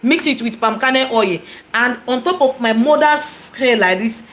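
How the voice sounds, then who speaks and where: With slight background noise behind her, a prophetess with a Nigerian accent tells her personal testimony at a moderate pace, her voice a little high. She's animated and repetitive and weaves in Igbo phrases.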